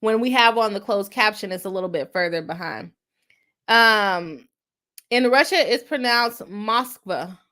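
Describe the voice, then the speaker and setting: Bright-voiced woman chatting on a livestream. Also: medium pitch, measured pace. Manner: laughs often, chatty and self-deprecating. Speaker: lawyer and livestream host. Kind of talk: casual livestream chat reading comments.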